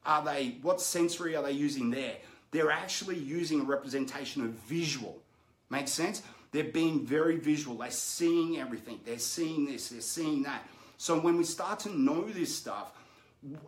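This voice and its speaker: A man's voice: fairly bright tone, echoey room. A man giving a motivational coaching talk, telling stories and acting out the voices he quotes. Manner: storytelling, acts out quoted voices with rising pitch and energy.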